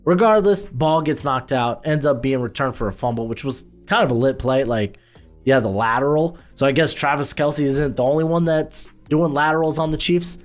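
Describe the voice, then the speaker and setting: A man's voice: medium pitch, normal speed, faint music behind. A man giving casual football commentary as host, loose and rambling with lots of fillers and restarts.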